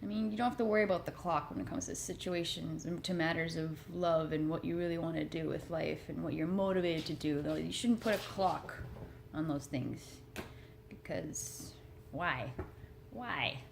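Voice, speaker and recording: At home in a room with her cat, a woman vlogs in a rambling, casual chat about motivation, earnest and self-deprecating. Her low-pitched voice has vocal fry and a moderate pace. A little hiss or hum can be heard.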